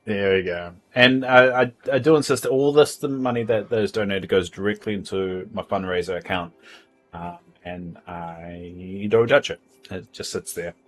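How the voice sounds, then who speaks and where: Reading donations aloud on his home livestream, this man rambles casually and stumbles over his words indoors. His voice sits low, and his pace is moderate.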